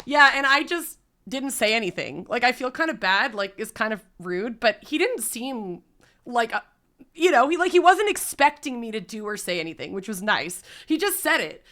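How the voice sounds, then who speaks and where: A woman streamer casually telling a story to her chat, animated and swearing freely. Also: on the high side, moderate pace. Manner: animated, swears freely, breaks into loud laughs.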